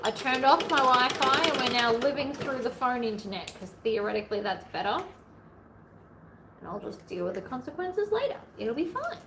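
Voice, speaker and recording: A woman hosting a long sewing livestream in casual chat, playfully narrating each step aloud, her voice a little hoarse from hours of talking. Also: on the high side, lively intonation, moderate pace. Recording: echoey room, faint background noise.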